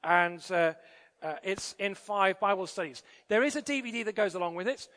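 A man's voice: sits high, moderate pace, a bit bright. A man preaching a sermon in a church, conversational with frequent fillers and restarts. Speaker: pastor. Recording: church hall reverb.

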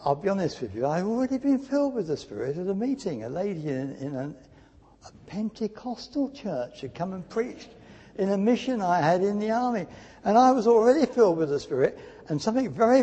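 Older preacher in a reverberant church. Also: male voice, high voice, a little fast, husky. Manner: animated storytelling with sudden drops to hushed speech. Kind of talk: sermon. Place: church hall.

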